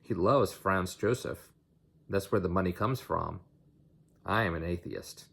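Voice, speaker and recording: Cynical army major, blunt and flat, gravelly low voice, read by a man. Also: measured pace, full character voice.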